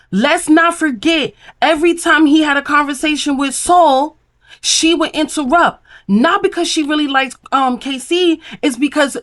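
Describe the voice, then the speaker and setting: A woman's voice: sits high, animated, normal speed, a bit bright. A woman hosting a reality TV recap, retelling scenes in a casual, opinionated way and acting out the quoted lines.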